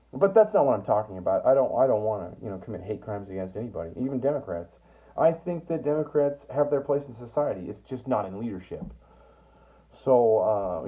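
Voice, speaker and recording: A man's voice: mid-range voice, husky. A man delivering a profane, heated political rant full of stammering restarts. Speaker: political commentator. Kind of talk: ranting monologue. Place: US Northwest. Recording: tinny phone-like sound.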